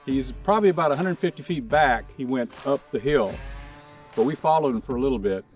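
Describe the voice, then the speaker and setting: A man on a forest trail, matter-of-fact and relaxed as he tells another hiker about the trail. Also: mid-range voice, brisk, far from the mic, faint music behind. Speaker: fellow hiker.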